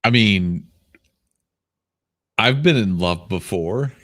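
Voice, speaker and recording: A man's voice: fairly low pitch, lively intonation, takes it slowly, fairly bright tone, no echo, clean studio sound. A man co-hosting a podcast in casual chat, teasing and profane with mock-tough bravado. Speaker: podcast co-host.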